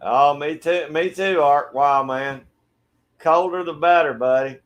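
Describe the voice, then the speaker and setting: A middle-aged man from Georgia, USA, with a Southern accent hosts a relaxed livestream from his backyard shed, casually reading viewer comments and greeting people by name. He's friendly and laid-back, with a fairly high pitch and a slightly slow delivery.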